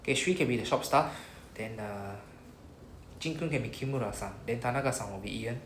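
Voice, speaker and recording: A man's voice: mid-range voice, a little fast. A man with a Singaporean English accent teaching a language class, explaining patiently step by step and modelling words for students to repeat. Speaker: Japanese teacher. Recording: echoey room with faint noise.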